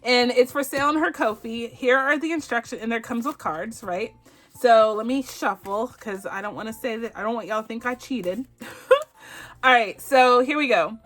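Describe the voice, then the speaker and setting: A woman's voice: fairly high pitch, normal speed, a bit bright, faint music behind. A Bajan woman hosting a budgeting vlog, chatting casually and giggling as she plays a savings game. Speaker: budgeting channel host.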